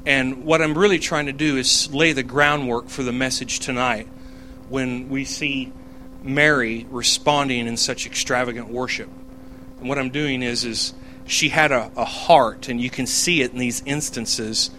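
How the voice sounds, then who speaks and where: A man leading a relaxed Bible study, speaking at an ordinary middle pitch. He talks it through in a conversational way, with fillers and quick self-corrections. A faint hum sits behind his voice. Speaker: preacher. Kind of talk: casual Bible teaching.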